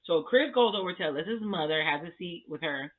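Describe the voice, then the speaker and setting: Male vlogger, higher-pitched and sassy, casual slangy recap delivery, phone-quality lo-fi audio. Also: animated, brisk. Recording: tinny phone-like sound.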